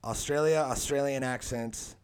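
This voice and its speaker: A man hosting a podcast in casual chat, rambling and joking, quick to laugh. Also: mid-range voice, fairly even intonation, clear, resonant tone. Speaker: podcast host.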